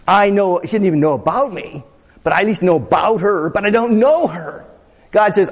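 A man preaching a sermon in a relaxed, conversational way, often putting questions to his congregation. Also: high voice, fairly quick. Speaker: pastor. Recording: long reverb of a hall.

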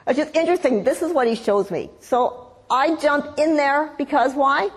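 A woman preaching a sermon, telling a story in a lively way and acting out the voices in it. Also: high-pitched, normal speed. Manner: animated storytelling, acts out voices in quotes. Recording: long hall reverb.

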